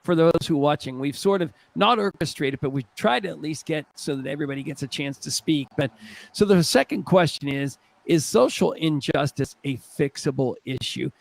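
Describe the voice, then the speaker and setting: Brief: easygoing gravelly male co-host moderating a video panel. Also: on the high side, normal speed, rough recording. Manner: easygoing, rambling. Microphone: video call.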